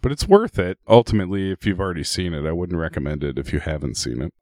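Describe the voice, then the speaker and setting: Animated low-voiced man swearing through a film chat. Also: fast talker, no room sound, clean studio sound. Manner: animated, profane, breaks into laughs and mock quotes. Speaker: podcast co-host. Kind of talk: casual movie chat.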